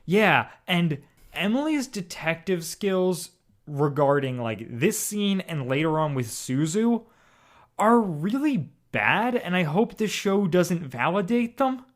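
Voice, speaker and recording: A man co-hosting a podcast, chatting casually about an audio drama in an animated, rambling way full of restarts. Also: high voice, takes it slowly. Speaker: podcast co-host.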